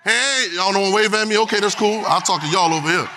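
Man, preacher, church service, high bright voice, call-and-response and shouts. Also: brisk, a little hiss or hum. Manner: call-and-response with the congregation, swings from quiet to shouting. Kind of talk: sermon.

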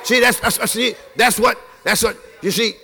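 A man preaching a lively sermon to a live congregation, shouting and laughing as he leads the crowd in call-and-response chants. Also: high-pitched, normal speed, creaky, slight background noise. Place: live church service before a congregation, also streamed.

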